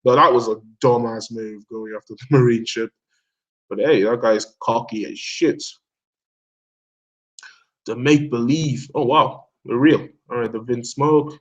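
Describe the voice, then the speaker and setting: A young man in casual chat about comic chapters, excitable and swearing, laughing often as he quotes characters. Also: medium pitch, measured pace, lo-fi sound. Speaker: manga discussion host.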